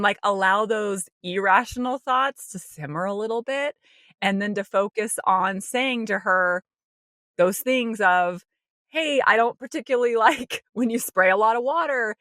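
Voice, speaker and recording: Bright-voiced woman telling a story. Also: mid-range voice, no echo, studio quality. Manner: animated, acts out her own inner voice; frequent light laughter and "like" fillers. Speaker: podcast co-host. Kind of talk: casual personal storytelling.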